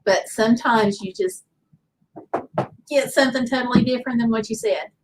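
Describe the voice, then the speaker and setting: A woman's voice: fairly high pitch, moderate pace, slight background noise, poor audio. Chatty Southern woman livestream host. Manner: chatty, rambling, reads chat comments aloud. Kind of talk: casual livestream chat, reading viewer comments.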